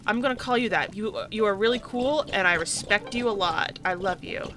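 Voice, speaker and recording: A young woman giving casual, excitable commentary over a video game, gushing and swearing freely. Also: medium pitch, fairly quick. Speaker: gaming streamer. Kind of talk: casual let's-play commentary.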